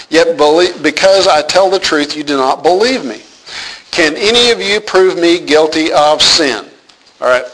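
A man's voice: a little high, noisy background. A man teaching a Bible passage, reading verses aloud and explaining them with humor and rhetorical questions.

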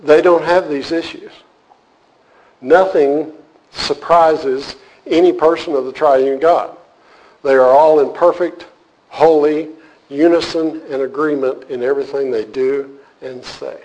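A man's voice: fairly high pitch, fairly even intonation, unhurried, darkish tone, a little hiss or hum, poor audio. A man teaching a church group in a casual, joking way, then turning earnest as he explains a point. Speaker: teacher leading a church class. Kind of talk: casual sermon to a live group.

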